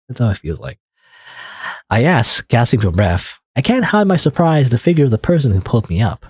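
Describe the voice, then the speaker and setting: A man's voice: on the low side, a little mellow, slightly rough, no echo. A man casually reading a visual novel aloud and chatting about it, rambling with lots of "like" and "you know". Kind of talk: casual let's-play commentary and narration.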